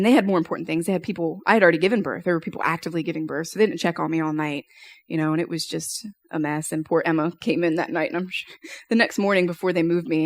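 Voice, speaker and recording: A woman's voice: fairly low pitch, no echo, studio quality. A young woman giving a personal testimony at church, telling her story conversationally with lots of fillers.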